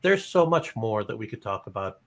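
A man's voice: lowish voice, very animated, brisk. A man hosting an interview podcast, full of praise and stumbling over his words with frequent restarts. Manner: warm praise with many restarts. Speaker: podcast host. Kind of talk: interview chat.

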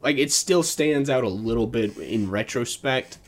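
A man's voice: medium pitch, moderate pace. A man hosting a solo podcast, reviewing a movie in a casual, rambling way, often restarting sentences and chuckling. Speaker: podcast host. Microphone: desk mic.

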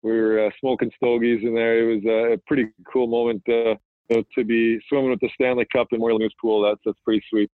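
A man's voice: medium pitch, fast, no room sound. A man in his thirties, a hockey player guest, talking casually with lots of fillers and restarts. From Manitoba, Canada. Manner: relaxed, rambling, frequent fillers and restarts. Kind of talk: casual phone interview. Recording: dry, tinny phone line.

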